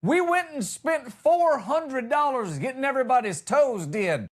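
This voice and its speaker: A man's voice: very high-pitched, animated, a little slow. An American man hosting a comedy podcast, telling stories in a loose, rambling way with jokey asides. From United States.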